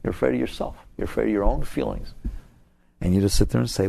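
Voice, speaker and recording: An older man giving a spiritual talk to an audience, animated and often laughing, his voice jumping high for emphasis. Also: quick pace, vocal fry. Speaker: spiritual teacher.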